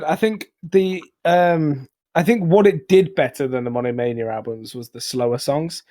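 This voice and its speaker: A young man co-hosting a casual album review chat, rambling with restarts and quick laughs. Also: on the high side, dark tone. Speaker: podcast co-host.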